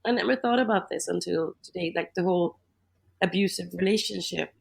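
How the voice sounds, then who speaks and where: A woman's voice: fairly low pitch, a little fast, vocal fry. Chatty woman musing on a film. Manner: chatty, lots of "like", thinks aloud. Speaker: podcast co-host. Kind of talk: casual film discussion.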